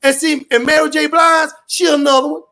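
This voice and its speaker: A man ranting loudly and profanely in street slang, rambling and repeating his catchphrases. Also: very high-pitched, flat delivery, brisk, vocal fry. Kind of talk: animated rant to an interviewer.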